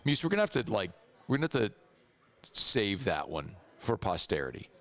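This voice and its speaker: A hoarse man with a Southern accent hosting a sports radio show, chatty and rambling. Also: on the low side, sing-song, normal speed. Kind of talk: casual sports radio talk. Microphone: studio microphone.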